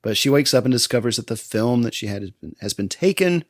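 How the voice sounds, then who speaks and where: A man's voice: medium pitch, expressive, fast talker, no echo, clean studio sound. A man hosting a podcast, retelling a movie in casual chat and laughing often as he goes. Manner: laughs often, acts out quotes in passing. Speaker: podcast host.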